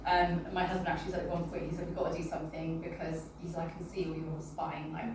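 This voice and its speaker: A British woman telling her personal health story to an audience in a halting, emotional, apologetic way. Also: sits low, level tone. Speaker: guest sharing a personal testimony. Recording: roomy, distant, with background noise.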